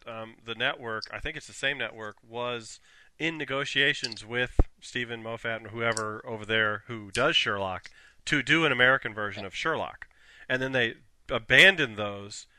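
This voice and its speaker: A man's voice: mid-range voice, normal speed, bright, forceful tone, dry recording. A man co-hosting a casual chat about TV, upbeat and laughing often. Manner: enthusiastic, laughs often, rundown of upcoming shows.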